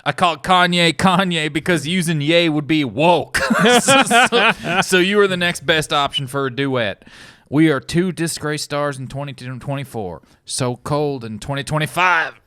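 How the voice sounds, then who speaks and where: A man's voice: a little high, a little slow, bright, forceful tone, clean tone, no echo, clean studio sound. A man doing a brash washed-up rock star. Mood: boastful. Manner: brash, boastful, laughing. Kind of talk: comedy script table read.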